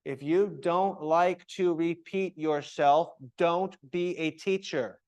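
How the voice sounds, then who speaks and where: A man's voice: on the high side, slow, smooth. A man leading a yoga teacher training, talking to a group of students in an echoey room, acting out tones of voice and asking them questions. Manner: animated, acts out different tones of voice, asks the group questions. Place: room with echo.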